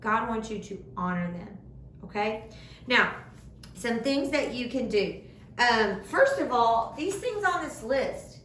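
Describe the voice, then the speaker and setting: A young woman giving a children's sermon in simple, animated words, recorded in a church room. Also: fairly high pitch. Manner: animated, speaks simply to children, acts out voices. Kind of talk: kids' sermon. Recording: echoey room, far from the mic, faint noise.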